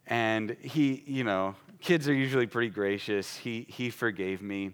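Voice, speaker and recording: A man's voice: on the low side, unhurried, hardly any pauses, clear, resonant tone. Man preaching a conversational sermon. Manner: storytelling, conversational, reenacts dialogue with his son. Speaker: pastor.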